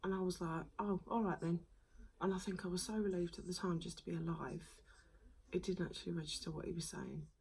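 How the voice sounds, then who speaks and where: A woman, recounting a hard personal story to camera in a soft, halting voice that often drops to a whisper. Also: fairly low pitch, steady tone, husky, rough recording. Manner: soft-spoken, halting, with many ums and frequent whispery stretches. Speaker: vlogger.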